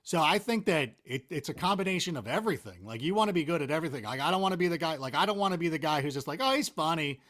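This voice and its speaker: A man talking as a guest in a casual interview, animated, rambling and self-mocking. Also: on the high side, very fast, few pauses. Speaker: interview guest, NFL analyst.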